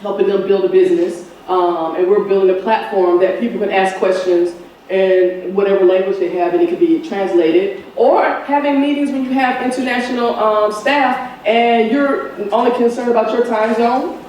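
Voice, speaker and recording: A woman's voice: mid-range voice, steady tone, moderate pace, a little mellow. A woman conference speaker answering audience questions, impassioned, with frequent restarts and fillers. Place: conference hall. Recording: echoey conference hall from far off with background hiss.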